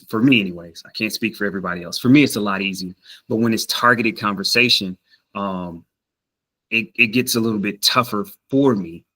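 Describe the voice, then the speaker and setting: A man's voice: lowish voice, sharp tone, rough recording. A man vlogging in a casual, rambling way, often repeating words as he thinks aloud. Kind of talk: casual talk to camera.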